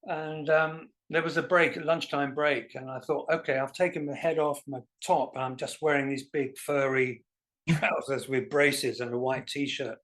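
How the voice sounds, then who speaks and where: A man, a guest musician telling self-deprecating stories in a relaxed interview. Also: a little high, moderate pace. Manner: animated anecdotal, self-deprecating. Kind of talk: casual storytelling interview.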